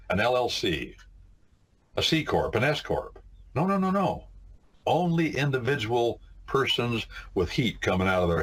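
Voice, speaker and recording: Deep husky-voiced man lecturing. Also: a bit bright. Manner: emphatic, repeats "no, no, no" and addresses "my friends". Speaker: lawyer teaching a civics catechism. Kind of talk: informal lecture with anecdotes.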